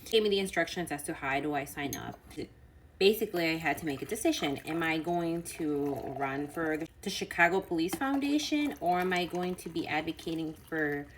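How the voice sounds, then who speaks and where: A woman telling a personal story to her phone camera, lively and acting out the voices of the people in it. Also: deep voice, fairly quick, noisy background. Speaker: vlogger.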